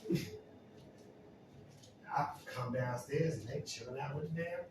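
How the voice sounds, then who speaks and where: A man's voice: medium pitch, unhurried. A man telling a casual story, acting out what people said and laughing often. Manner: animated, acts out quotes, laughs often. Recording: echoey room, distant mic, steady noise.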